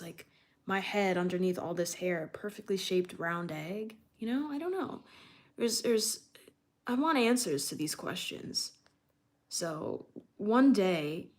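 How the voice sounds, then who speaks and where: A young woman from New York talks to her live chat in a loose, casual way. She laughs often and stays animated as she reacts to the messages. Her voice sits at an ordinary middle pitch for a woman. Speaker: streamer reading live chat.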